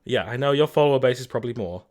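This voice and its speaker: A man voicing a brisk male starship captain who gives curt, cautioning orders to his crew in a tabletop game. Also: medium pitch, lively intonation, darkish tone, close to an everyday voice.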